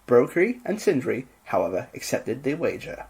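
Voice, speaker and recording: A man co-hosting a podcast, reading myths aloud and chatting in an animated, joking way. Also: mid-range voice, normal speed, slightly rough. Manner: animated, joking, mock voices. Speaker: podcast co-host. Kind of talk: casual chat and reading myths.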